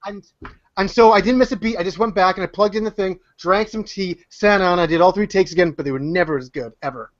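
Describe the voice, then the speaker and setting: A man's voice: high voice, fast, dry recording. A Canadian man talking on a casual podcast, joking and rambling with lots of fillers and restarts. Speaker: YouTuber and podcast guest. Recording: muffled, lo-fi podcast audio.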